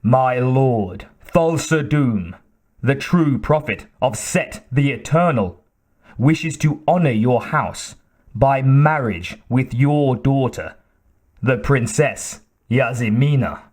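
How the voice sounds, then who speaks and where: A man voicing a sinister male cult priest who speaks softly and without expression. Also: medium pitch, animated, slow. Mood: smooth. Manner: soft, toneless, expressionless.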